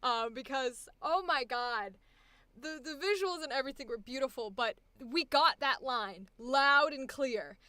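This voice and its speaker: Young woman, voice acting coach, bright voice, dry close sound, encouraging. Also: high-pitched, unhurried, clean tone, no echo. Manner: encouraging, chatty, laughs often. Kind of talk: live coaching session.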